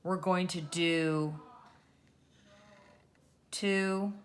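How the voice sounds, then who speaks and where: Gentle low-voiced woman teaching drawing. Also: steady tone, drawn-out words. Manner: gentle, encouraging, talks while drawing. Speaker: art teacher. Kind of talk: drawing lesson for children.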